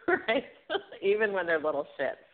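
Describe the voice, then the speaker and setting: A woman's voice: medium pitch, sing-song, a little slow. A woman co-hosting a podcast in casual chat, who laughs often and agrees eagerly. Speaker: podcast co-host. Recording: tinny phone-like sound.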